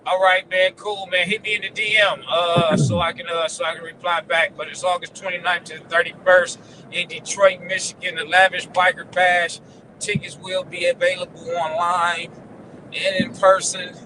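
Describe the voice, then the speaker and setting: A man with a high voice talks in a casual group chat, stammering and repeating himself. Clear outdoor noise and passing cars run under him. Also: flat delivery, normal speed. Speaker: guest.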